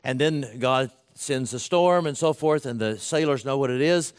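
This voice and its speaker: A man delivering a sermon at a middle pitch. He speaks in a loose, conversational way, restarts phrases often, and slips into the voices of the people he quotes. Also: normal speed. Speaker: preacher.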